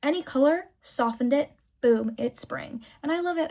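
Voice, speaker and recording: A woman's voice: high-pitched, fairly quick, few pauses, darkish tone. A young woman talking through a casual makeup tutorial, chatty and candid, gushing about products and swearing freely when she rants. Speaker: beauty vlogger.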